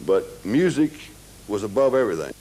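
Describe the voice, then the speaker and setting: A man's voice: lowish voice, very animated, a little fast, warm tone, low-quality recording. A man telling a funny anecdote in an interview, playfully mimicking voices in the quoted dialogue. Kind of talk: anecdotal storytelling.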